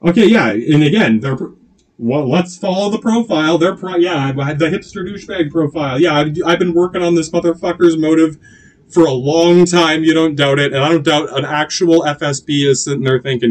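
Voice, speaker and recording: Canadian-born guy ranting, swears a lot, keeps restarting, slightly high voice. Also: brisk. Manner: rambling, profane, full of restarts and asides. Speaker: channel host. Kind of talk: rambling political rant.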